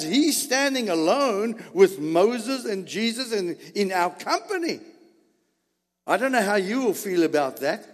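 Male preacher, sermon delivery, high and very lively pitch, unhurried, long hall reverb. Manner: animated, rhetorical questions to the congregation.

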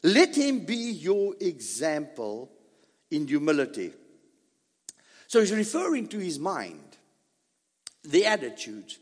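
Male pastor, sermon, emphatic preacher with dramatic pauses and an animated delivery. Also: on the high side, big-room sound.

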